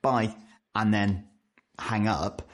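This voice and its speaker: A young British man chats straight to camera in a casual vlog, fairly low-voiced. He tells his stories with a lively, animated delivery and jumps up in pitch whenever he acts out other people. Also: normal speed. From United Kingdom. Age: 20s. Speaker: vlogger.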